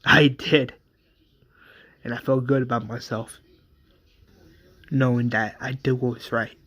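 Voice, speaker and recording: A man voicing a determined young male speedster hero, earnest and halting. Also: mid-range voice, steady tone, fairly bright tone. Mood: proud.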